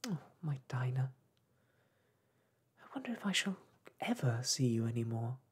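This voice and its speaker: A man's voice: mid-range voice, big pitch swings, moderate pace, slightly rough, voice pushed up. A man doing a polite, pleading young girl in whispered role-play. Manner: humble and pleading.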